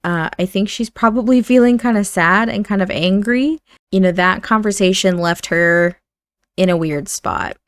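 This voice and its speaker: A woman narrates her life-sim game in a relaxed, rambling way, full of fillers. Her voice sits at a middle pitch and is captured close to the mic in a dry, dead room. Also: moderate pace, clear, resonant tone, no room sound. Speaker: gaming channel host. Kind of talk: casual let's-play narration.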